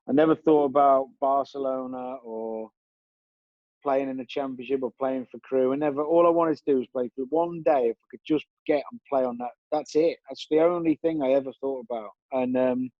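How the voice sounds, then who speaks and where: A man's voice: mid-range voice, dry recording, lo-fi sound. A man, a guest telling long stories in a rambling way, with many restarts and fillers. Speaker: interview guest, former footballer. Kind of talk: relaxed storytelling.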